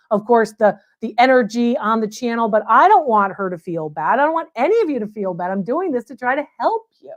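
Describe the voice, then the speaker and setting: Host: woman, high voice, chatty and emphatic, live Q&A with viewers. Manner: chatty and emphatic, repeats phrases for stress. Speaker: antiques appraiser and livestream host. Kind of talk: live Q&A chat reading viewer comments.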